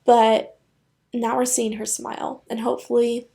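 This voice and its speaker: Female reaction host, slightly high voice, excitable and rambling, laughs a lot. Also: a little slow, vocal fry. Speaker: anime reaction channel host. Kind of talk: casual reaction commentary.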